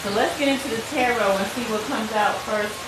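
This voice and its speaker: A woman's voice: fairly high pitch, a little fast, distant mic, heavy background noise. A woman, chatting frankly and preaching a bit as a tarot reader on a casual live stream. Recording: echoey room, away from the mic.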